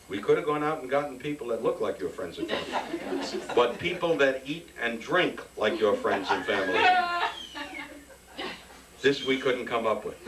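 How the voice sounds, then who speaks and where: Brash New emcee roasting a retiree. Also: male voice, mid-range voice. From New York. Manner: brash joking banter. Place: party hall. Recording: distant noisy party recording.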